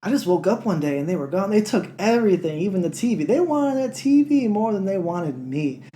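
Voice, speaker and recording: A woman's voice: mid-range voice, very animated, a little fast, dark tone, voice pushed up, lightly acted. Woman recapping as a jittery young marine guy. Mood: whiny. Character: young panicky male space marine.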